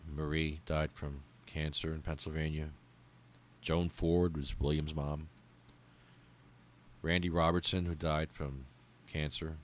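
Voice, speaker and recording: A man hosting a podcast, reading out a memorial list in a heartfelt, angry way, swearing and pausing as he falters. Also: a bass voice, flat delivery. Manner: heartfelt, angry and profane, with halting pauses. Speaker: podcast host.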